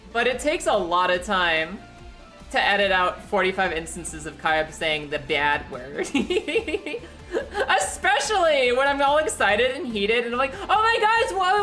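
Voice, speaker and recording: A young woman streaming from her living room, chatting casually and animatedly, often laughing and jumping into high excited squeals, her voice slightly echoey. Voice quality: a little echoey today. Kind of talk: casual chat. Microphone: streaming setup.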